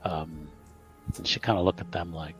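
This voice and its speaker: A man's voice: low-pitched, fairly even intonation, moderate pace, faint music behind. A man playing a tabletop game, loosely describing what his character does while searching for words. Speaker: player. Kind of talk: casual tabletop play.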